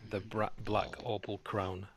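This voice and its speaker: A man voicing a commanding female captor who speaks slowly, curtly and dismissively. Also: fairly low pitch, level tone. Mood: cold. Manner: slow, curt, dismissive.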